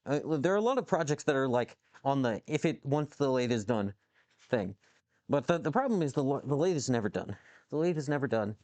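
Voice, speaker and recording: A man's voice: medium pitch, lively intonation, fairly quick, a little mellow, no room sound. A man casually chatting with viewers on a live stream from his workshop, rambling, swearing and reacting to chat. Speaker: livestreamer answering chat while machining. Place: home workshop with a lathe.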